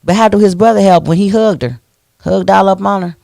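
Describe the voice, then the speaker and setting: A man hosting a radio talk show, ranting in an animated, preachy way into a studio microphone. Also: high voice, brisk, creaky, dry recording.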